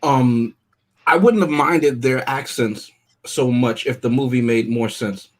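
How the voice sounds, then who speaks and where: Husky man dissecting a plot. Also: mid-range voice, unhurried. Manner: methodical, picks apart plot logic. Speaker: podcast co-host. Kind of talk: casual review chat.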